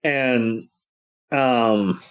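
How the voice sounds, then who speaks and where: A man's voice: medium pitch, extremely slow, clear, resonant tone, highs cut off. A man co-hosting a podcast, recapping a cartoon episode in casual chat, full of fillers and playful put-on quote voices. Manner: rambling, many fillers, acts out quotes in silly voices. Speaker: podcast co-host.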